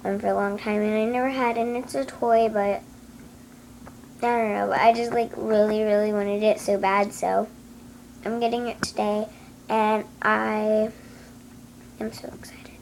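A woman with a mid-range, slightly mellow voice talks to her home camera in a flat, unhurried delivery, captured in low quality. Her vlogging is rambling and hesitant, full of ums and restarts, against clear background noise.

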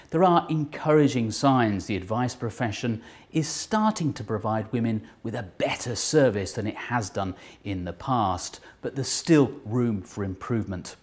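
Presenter with a lively, varied read. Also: medium pitch. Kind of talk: scripted narration.

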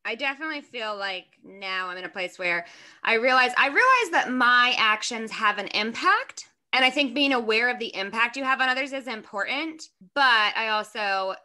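A woman co-hosting a podcast in casual chat, talkative and quick to laugh, reading points from her notes. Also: a little high, lively intonation, sharp tone. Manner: chatty, laughs often, reads points from notes. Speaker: podcast co-host.

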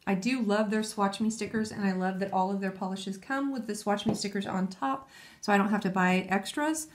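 A woman's voice: medium pitch, steady tone, fairly quick. A woman chatting casually and enthusiastically, thinking aloud as she demonstrates nail stamping. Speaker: nail art vlogger. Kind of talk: casual tutorial chat.

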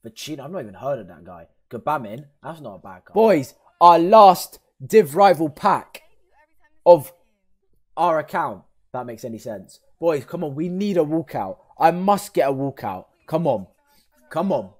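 A man, commenting excitably as he opens football game packs for his stream viewers and yelling at big pulls. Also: a little high, normal speed. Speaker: gaming streamer. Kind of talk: excitable pack-opening commentary.

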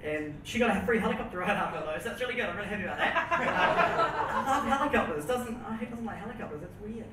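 A man's voice: high-pitched, lively intonation, quick pace, few pauses. A young man from New Zealand with a New Zealand accent, doing a nervous, rambling stand-up set and laughing at his own jokes. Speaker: stand-up comedian. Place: comedy venue with audience. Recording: roomy, distant mic with background noise.

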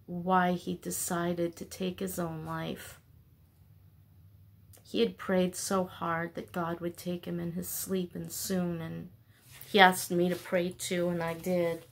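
A woman's voice: fairly low pitch, vocal fry. A woman in her sixties talking in a casual, rambling vlog. She is heartfelt and candid, with plenty of fillers as she meanders. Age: 60s. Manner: chatty and meandering, with many fillers. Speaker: vlogger.

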